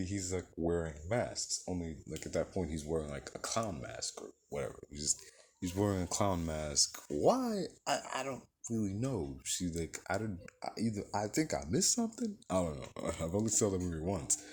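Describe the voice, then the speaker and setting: A man's voice: sits low, big pitch swings, normal speed, darkish tone, husky. A man giving a casual, rambling film review, swearing freely and filling his sentences with "like" and "you know.". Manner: rambling, profane, heavy use of filler words. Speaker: movie reviewer.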